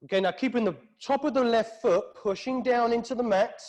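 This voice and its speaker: A man with a British accent teaching a yoga class, calling out poses and breaths in a calm, steady rhythm. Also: very high-pitched, brisk. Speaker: yoga instructor. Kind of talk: guided yoga class cues. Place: hot yoga studio.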